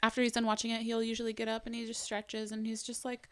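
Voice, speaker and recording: A woman's voice: on the high side, monotone, fast, fairly bright tone, slight background noise. A young adult woman co-hosting a podcast, talking in a chatty casual way full of "like" and "um". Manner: chatty, lots of "like" and "um". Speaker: podcast co-host, mother. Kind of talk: casual chat.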